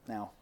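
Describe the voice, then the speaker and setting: A man in his thirties preaching a sermon, telling stories and acting out voices. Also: long reverb tail. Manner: lively storytelling, acting out voices. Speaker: pastor.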